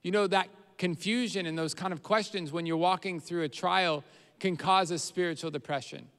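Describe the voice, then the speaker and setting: A man preaching a sermon, earnest, getting louder when he voices a troubled prayer. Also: sits high, steady tone, normal speed, smooth. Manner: earnest preaching, rises in volume on quoted prayers. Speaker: pastor. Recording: roomy hall reverb.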